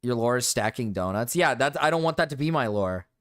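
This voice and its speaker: A man's voice: mid-range voice, animated, brisk, a bit bright. A man streaming live, chatting casually in a rambling, blunt way, full of fillers and swearing. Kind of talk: casual livestream chat.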